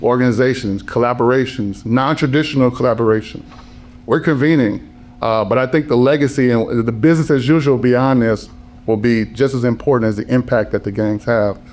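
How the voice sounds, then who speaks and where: Male panel speaker, hoarse from a lost voice, emphatic and driven, mid-range pitch. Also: fairly quick, darkish tone. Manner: passionate, emphatic, repetitive phrasing. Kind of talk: panel talk.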